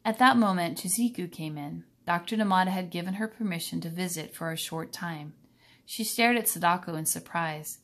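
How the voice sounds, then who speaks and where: A woman reading a children's novel aloud in a calm, even storytelling manner. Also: lowish voice, moderate pace. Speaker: reader.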